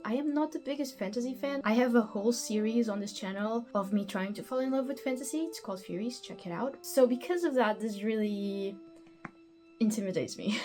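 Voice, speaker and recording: A woman's voice: a little high, a little mellow. A woman from Portugal chatting casually about her reading in a book vlog, self-deprecating and laughing between points. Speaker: book vlogger.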